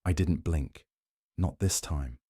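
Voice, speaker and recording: A man telling a dramatic story in first person, calm and terse. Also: extremely low pitch, takes it slowly, breathy edge, no echo, clean studio sound. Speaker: narrator.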